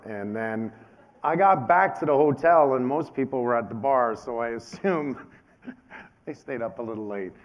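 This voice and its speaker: Man, fifties, keynote speech, animated storytelling, acts out quotes. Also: lowish voice, highs cut off. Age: 50s. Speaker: keynote speaker.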